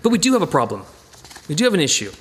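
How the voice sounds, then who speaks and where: A man's voice: on the high side, racing. A man leading an informal Bible study, talking it through conversationally with frequent restarts and emphatic bursts. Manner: animated and emphatic. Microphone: presentation with slides.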